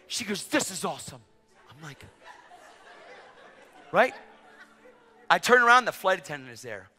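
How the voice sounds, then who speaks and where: A middle-aged man preaching, telling a story with acted-out dialogue and bursts of shouting. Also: sits high, normal speed, some chatter behind. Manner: excitable, acts out dialogue, rising to shouts. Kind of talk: sermon storytelling. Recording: long reverb of a large hall.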